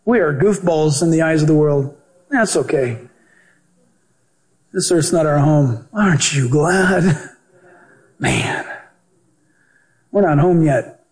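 A male pastor and Bible teacher preaching a sermon in an animated, joking way, acting out the voices he quotes. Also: on the high side, takes it slowly, pauses often.

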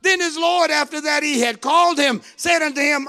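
High raspy preacher guy, bright ringing tone, fired up and shouting at times. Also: moderate pace, hardly any pauses. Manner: impassioned, acts out the servant's pleading. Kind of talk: sermon.

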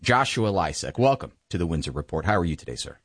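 A male interview host with a deep, low-pitched voice and an animated, swinging delivery. He talks in a crisp broadcast manner. The sound is dry and close, with no room around it. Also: fast, no room sound. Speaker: show host. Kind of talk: interview introduction and questions.

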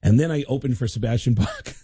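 Man, guest comedian, animated storyteller, very dark tone, husky, dry close sound. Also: medium pitch, fast talker, no room sound. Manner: animated, slips into voice impressions. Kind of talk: comic storytelling on a radio show.

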